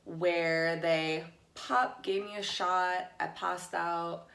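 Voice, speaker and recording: A woman talking straight to her camera, loose and chatty, her speech full of "like" and casual swearing. Her voice sits a little low, and the room gives it a clear echo. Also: steady tone, extremely slow, fairly bright tone. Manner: chatty, peppered with "like", blunt and profane. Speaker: YouTube vlogger.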